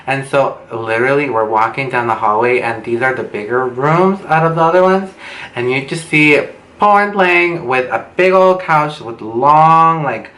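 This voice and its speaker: At a moderate pace, a young man with a bright, forceful mid-range voice tells a casual, gossipy story loaded with drama and swearing. He's a beauty vlogger filming at home on a camera mic, and the room sounds spacious with faint noise behind him.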